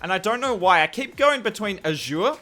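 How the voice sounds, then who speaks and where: A little fast and full of lively intonation, this Australian commentator has a high, bright, pushed voice. He walks through strategy gameplay footage with enthusiasm and clear explanations, often self-deprecating.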